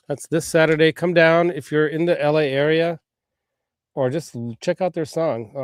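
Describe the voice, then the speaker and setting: A man of middle pitch hosting a casual livestream, chatty and quick to laugh as he reads out viewer comments. His voice is close and dry, with no room sound. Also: a little mellow, no echo. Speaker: livestream host.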